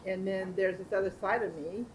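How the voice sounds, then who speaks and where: A woman speaks in a hesitant, halting way, filling her pauses. There is room noise audible behind her. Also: mid-range voice, fairly even intonation, poor audio. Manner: hesitant, halting, many fillers. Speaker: attendee asking a question. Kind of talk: casual group discussion.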